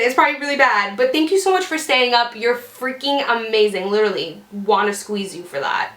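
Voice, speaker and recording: A woman's voice: on the high side, expressive, fairly quick, hardly any pauses, a bit bright. A woman beauty YouTuber answering fan questions in a casual vlog, chatty and full of "like" fillers. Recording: roomy echoey room.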